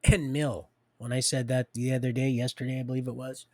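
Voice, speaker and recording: Man, gravelly voice, dry close sound, rambling preachy livestream talk. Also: mid-range voice, little pitch movement, brisk, no room sound. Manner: rambling, preachy, talks straight to viewers. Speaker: livestream host.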